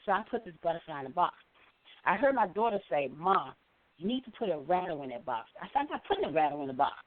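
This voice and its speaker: A middle-aged woman calling in to a show, telling a story with lively acted-out quotes. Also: fairly low pitch, quick pace, a little hiss or hum. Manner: animated storyteller, acts out quoted voices. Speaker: caller. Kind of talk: call-in storytelling. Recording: phone line.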